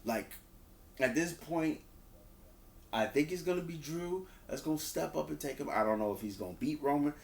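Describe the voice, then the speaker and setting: A man giving a casual spoken review of a wrestling show. He talks loosely, repeats words and restarts, and acts out quotes in a higher voice. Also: animated, normal speed, creaky, darkish tone. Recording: roomy echo.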